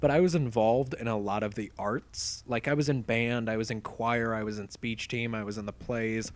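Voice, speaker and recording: A young man of about twenty co-hosts a podcast, telling stories animatedly in casual chat and peppering them with "like." He speaks at a normal speed in a medium-pitched voice.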